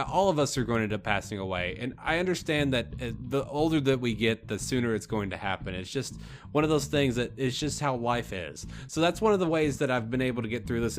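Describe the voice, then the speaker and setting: A young man hosting a let's play, talking in a rambling, earnest way with lots of restarts. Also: medium pitch. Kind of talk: casual gameplay commentary. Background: background music.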